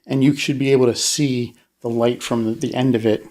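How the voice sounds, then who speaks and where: A man's voice: medium pitch, fairly even intonation, fairly quick, darkish tone. A man co-hosting a casual true-crime discussion, explaining things step by step with fillers. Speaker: podcast co-host.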